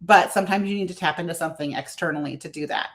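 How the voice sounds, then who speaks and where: A woman guesting as a spiritual life coach on a podcast, talking in a gentle, earnest, reflective way. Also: on the low side, racing. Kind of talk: podcast conversation.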